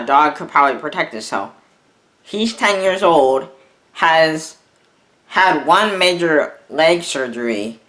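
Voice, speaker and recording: A young man speaks to his camera in a slow, unhurried way, telling a personal story. His voice is bright and somewhat tense. He rambles and keeps breaking off to restart his sentences. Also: on the high side. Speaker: vlogger.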